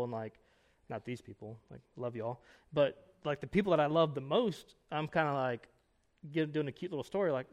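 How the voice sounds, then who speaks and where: A man in his thirties teaches a conference breakout like a pastor talking with friends. His delivery is casual and emphatic, his voice sits at an ordinary middle pitch, and he keeps checking in with his listeners. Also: steady tone. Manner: conversational, emphatic, quick asides and rhetorical "right?". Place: conference room.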